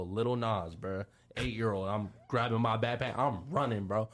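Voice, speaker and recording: Animated slangy young man telling a story. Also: lowish voice, normal speed. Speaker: podcast co-host. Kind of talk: casual chat, storytelling.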